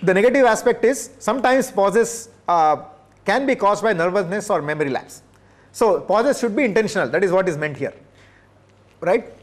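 A middle-aged man lectures a workshop with a noticeably high-pitched voice. His delivery is measured and broken up with "uh" fillers. He keeps checking in with his listeners through quick tag questions. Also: animated. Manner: measured, checks in with "right?" and "okay?"; frequent hesitation fillers. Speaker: professor.

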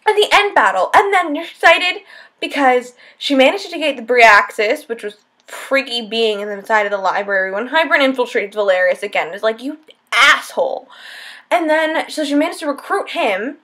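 A woman's voice: sits high, lively intonation, moderate pace, a bit bright. A young woman vlogging about a book she just finished, gushing and breathless, breaking into squeals and near-tears. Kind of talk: excited spoiler-filled book talk. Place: at home, lit by setting sun.

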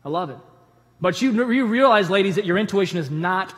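In a large hall, a man preaches a conversational sermon to a church auditorium, his high-pitched voice moving at a brisk pace. His delivery features animated storytelling and humorous asides.

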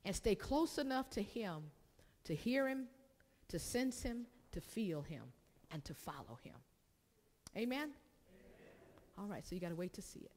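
A woman's voice: medium pitch, sing-song, moderate pace, pauses often, a little mellow. A woman pastor preaching a sermon, repeating phrases and calling for responses from the congregation. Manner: preaching with call-and-response and repetition. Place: church sanctuary. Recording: long reverb of a church hall.

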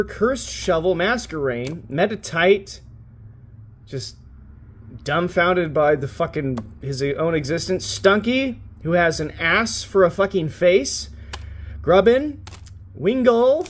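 A high-voiced young man hosts a card-opening session, cursing and cracking jokes at each disappointing pull. His commentary is casual and frustrated. A faint hiss sits under the recording. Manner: profane, wisecracking, frustrated. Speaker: pack-opening channel host.

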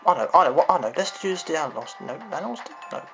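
A man's voice: a little high, big pitch swings, rapid-fire, fairly bright tone, low-quality recording. A man giving frustrated gameplay commentary, swearing and exclaiming. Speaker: gamer. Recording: game music behind the voice.

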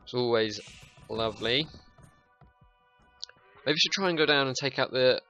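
A man's voice: mid-range voice, moderate pace, sharp tone, muffled recording, soft background music. A young man giving casual, sweary gameplay commentary, joking and muttering to himself. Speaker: gaming YouTuber.

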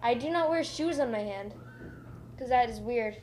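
Teen girl, high voice, giggly and teasing, faint hum in the back. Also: animated, moderate pace, darkish tone. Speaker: co-host. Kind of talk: playful banter.

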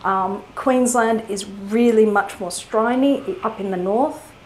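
A woman's voice: medium pitch, a little slow, slight background noise, low-quality recording. A woman from Australia with an educated New South Wales accent, giving a casual talk on literature as a writing teacher, chatty, with many fillers and restarts.

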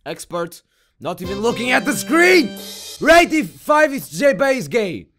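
Excitable high-voiced gamer man. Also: a little slow, faint music behind. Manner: loud, shouty, swears a lot, jokey. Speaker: gaming YouTuber. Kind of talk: excitable gameplay commentary.

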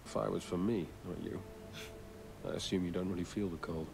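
An actor voicing a weary, subdued male captive forgemaster who speaks quietly in an animated series. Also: deep voice, moderate pace, creaky, noisy background.

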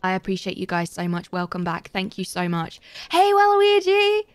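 A woman's voice: on the low side, monotone, fairly quick, no room sound. A young woman giving chatty, giggly live commentary as she plays a game and thanks her viewers. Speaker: live streamer.

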